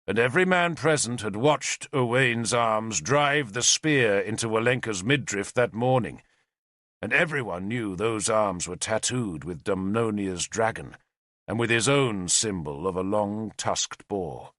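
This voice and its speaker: A man's voice: lowish voice, lively intonation, a little slow, a bit bright, no echo, clean studio sound. A man narrating an audiobook expressively, voicing every character. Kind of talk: scripted narration.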